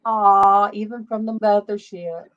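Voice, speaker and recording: A woman's voice: mid-range voice, steady tone, unhurried. A woman in her fifties hosting a casual faith livestream, chatty and greeting viewers by name. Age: 50s. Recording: dull lo-fi stream audio.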